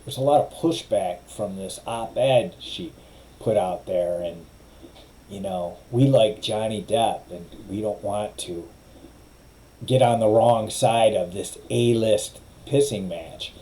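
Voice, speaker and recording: A man's voice: on the low side, slow, dark tone, rough recording. A middle-aged man, a lawyer, giving opinionated, wry commentary in a casual way and mimicking others' phrasing.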